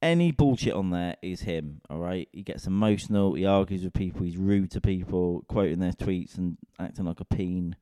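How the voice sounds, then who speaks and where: A man's voice: deep voice, normal speed, hardly any pauses, warm tone, no room sound, studio quality. A man, a comedian and podcast host, rambling in a casual, sweary, self-mocking solo rant.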